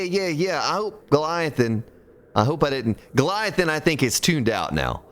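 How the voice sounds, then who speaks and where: A man live-streaming a game, chatting casually with his viewers while he works. He talks at an unhurried pace, and his pitch swings widely as he counts out loud and mutters at the game. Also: slight background noise.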